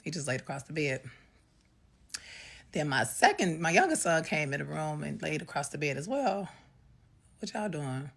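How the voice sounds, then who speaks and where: A middle-aged woman telling a painful personal story in a raw, halting, conversational way. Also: deep voice, sing-song, vocal fry.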